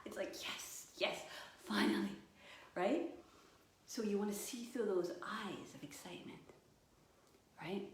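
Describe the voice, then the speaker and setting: A woman yoga and meditation coach guiding a live session, slow and soothing, with playful acted-out voices. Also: mid-range voice, darkish tone. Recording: echoey room, distant mic, faint noise.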